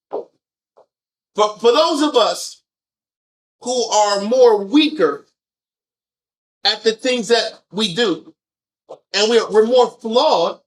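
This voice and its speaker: A man leading a group scripture discussion, animated and firing off rhetorical questions. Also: high-pitched. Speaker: discussion leader.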